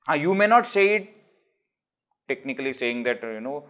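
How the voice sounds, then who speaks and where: A man's voice: mid-range voice, expressive, normal speed, a bit bright. A man with an Indian English accent giving a scripture discourse, explaining with rhetorical questions and everyday examples. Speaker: spiritual teacher.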